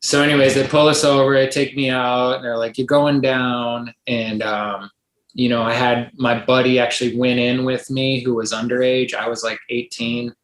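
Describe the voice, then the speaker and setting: A man's voice: mid-range voice, flat delivery, moderate pace, a bit bright. Middle-aged guy rambling thru a story on a podcast, tons of likes and ums, kinda echoey room. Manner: rambling, lots of likes and ums, acts out quoted voices. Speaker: podcast guest. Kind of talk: casual storytelling. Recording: roomy echo.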